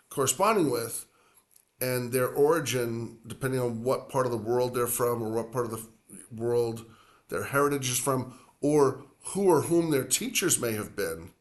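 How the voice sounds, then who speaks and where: A man from the United States gives a casual Spanish lesson at a middle pitch. He talks in a loose, chatty way with asides, and drops to a slow, careful pace whenever he models a word. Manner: chatty and digressive, slows to spell out words. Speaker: Spanish teacher.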